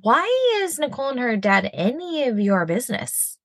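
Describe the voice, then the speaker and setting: A young adult woman co-hosting a podcast in casual chat, expressive and sarcastic. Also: a little high, normal speed. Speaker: podcast co-host.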